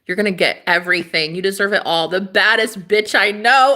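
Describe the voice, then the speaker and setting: A woman chatting casually on a live stream, dramatic and gushing, swinging from loud exclamations to hushed asides. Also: medium pitch, normal speed, few pauses.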